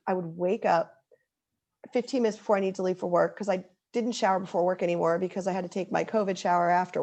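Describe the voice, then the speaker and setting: A woman's voice: fairly low pitch, gravelly, darkish tone, lo-fi sound. A woman in her thirties speaking as an interview guest, earnest and heartfelt, with many likes and ums. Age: 30s. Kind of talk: casual interview chat.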